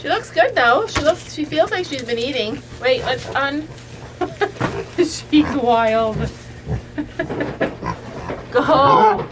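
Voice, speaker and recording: A woman's voice: high voice, lively intonation, very slow, pauses often. Chatty woman vlogging outdoors. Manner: chatty, talks to her goats. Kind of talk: casual vlog talk to camera. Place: outdoors on a farm with goats. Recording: outdoor farm noise. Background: goats bleating.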